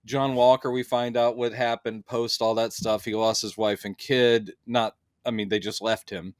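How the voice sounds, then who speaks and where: A man's voice: on the low side, little pitch movement, normal speed, no echo, studio quality. A man in a casual movie review chat, talking loosely and acting out characters' lines in playful voices. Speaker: film reviewer.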